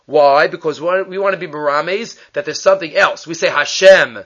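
A man with a fairly high voice gives a Talmud class, reading Hebrew and Aramaic passages aloud and explaining each one in English. He keeps asking questions and then answering them himself. The recording sounds muffled and low-fidelity. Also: moderate pace, fairly bright tone. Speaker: Torah teacher.

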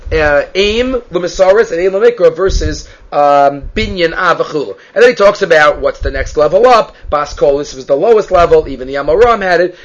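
Heard through muffled, lo-fi audio, this high-voiced man teaches Talmud. He voices phrases in Hebrew and Aramaic, follows each with a translation, and works through the text's meaning.

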